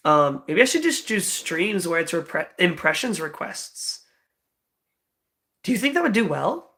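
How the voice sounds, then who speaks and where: A young man in his twenties hosts a livestream, his sharp voice sitting high with big pitch swings and an unhurried pace. He rambles casually with viewers, using lots of fillers and giggling often.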